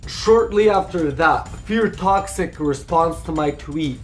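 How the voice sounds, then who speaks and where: High-voiced sarcastic young commentator. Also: male voice, takes it slowly, few pauses, faint music behind. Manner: sarcastic, profane, mocking impressions. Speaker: commentary YouTuber. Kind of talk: YouTube drama commentary.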